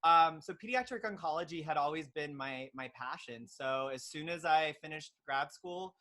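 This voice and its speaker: Bright-voiced earnest young man. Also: a little high, moderate pace. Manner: earnest, filler-heavy storytelling. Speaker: podcast guest, pediatric nurse. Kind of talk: casual interview chat.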